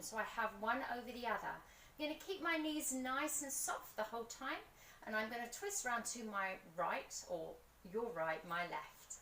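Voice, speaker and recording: A woman leading a pilates session outdoors, gently encouraging and counting reps aloud. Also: fairly high pitch, reverberant, recorded from a distance, a little hiss or hum, low-quality recording. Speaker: pilates instructor. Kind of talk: guided workout instruction.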